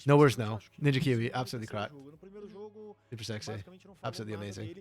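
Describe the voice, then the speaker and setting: Hoarse excitable esports co-streamer man. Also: lowish voice, fast talker. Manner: excitable, joking, rambling. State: hoarse from yelling. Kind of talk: casual live-stream commentary.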